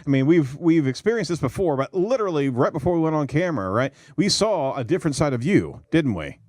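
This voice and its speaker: A man's voice: a little high, big pitch swings, fast talker, a little mellow, no echo. A man with a Midwestern American accent hosting a studio talk show, enthusiastic and friendly, often repeating words as he talks. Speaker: podcast host. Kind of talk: casual studio chat.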